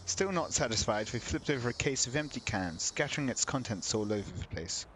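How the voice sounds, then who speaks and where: A man's voice: mid-range voice, expressive, brisk, a bit bright, a little hiss or hum, low-quality recording. Man reading game narration with wry asides. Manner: reads narration, breaks off into wry comments. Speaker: let's play host. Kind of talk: reading game text aloud with casual asides.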